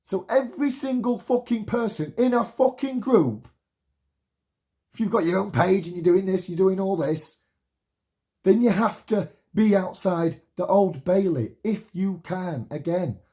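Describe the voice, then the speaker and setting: Heated, high-voiced man ranting. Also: measured pace, dark tone. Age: 30s. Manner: heated, swearing, repetitive rallying rant. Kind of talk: impassioned spoken monologue to camera.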